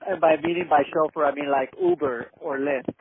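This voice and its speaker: A man's voice: on the high side, big pitch swings, fairly quick, a crowd in the background. A man working as a scam caller, polite and hesitant, often holding back laughter. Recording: tinny phone line.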